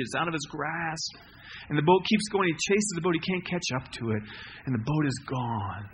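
Guy preaching a sermon, punchy and intense, swings loud then soft, faint hiss behind. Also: on the high side. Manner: emphatic, rising to loud peaks then dropping quiet.

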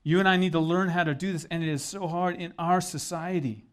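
A man's voice: sits high, fairly even intonation, brisk. A middle-aged man preaching a sermon as pastor, conversational and earnest with joking asides.

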